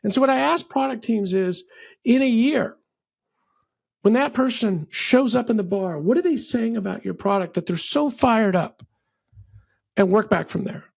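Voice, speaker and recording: A middle-aged venture capital partner, appearing as a guest on an interview show, lays out his opinions in a high-pitched, gravelly voice at a moderate pace, often drifting into rants. He's an animated storyteller who acts out quotes. The recording is dry and close, with no room sound at all.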